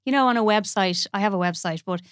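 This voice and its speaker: An Irish woman in her forties, a bridal hair stylist chatting as a guest, animated and quick to laugh as she acts out little scenes. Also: mid-range voice, clear, resonant tone, no room sound, clean studio sound. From Ireland. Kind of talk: casual chat.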